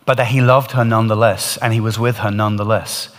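A man's voice: on the low side, fairly even intonation, quick pace, big-room sound. A man preaching a sermon, retelling a story in an earnest, emphatic way that swells and drops in intensity.

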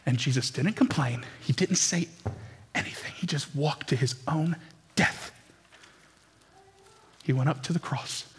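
A man's voice: medium pitch, husky. A man preaching a dramatic, impassioned sermon as pastor to his church. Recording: long reverb from a large hall.

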